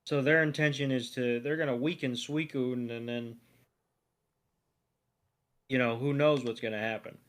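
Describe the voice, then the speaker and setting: A man's voice: medium pitch, fairly even intonation, normal speed, long pauses. A man co-hosting a podcast, chatting casually through a cartoon episode with fillers and asides. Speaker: podcast co-host.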